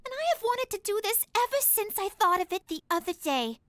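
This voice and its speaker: A woman's voice: very high-pitched, big pitch swings, a little fast, no room sound, clean studio sound. A woman voicing a spoiled, melodramatic teenage daughter in a cartoon, whiny and manipulative.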